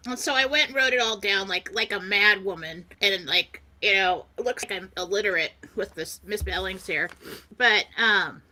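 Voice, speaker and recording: A woman's voice: medium pitch, normal speed, sharp tone. A woman co-hosting a talk show, animatedly telling a personal story in casual chat and laughing often as she goes. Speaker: co-host.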